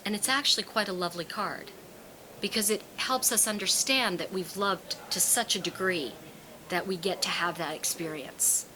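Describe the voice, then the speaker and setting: A woman who reads and teaches tarot tells stories to an audience in a casual, animated style, imitating the people she quotes. Her mid-range voice moves at a normal speed, and the rough recording has a little hiss or hum.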